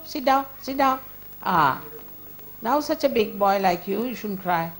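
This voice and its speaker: A woman with a fairly high voice leads an informal spiritual talk before her followers. She speaks conversationally, firm and a little chiding, and laughs often. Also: expressive, moderate pace. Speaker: spiritual teacher.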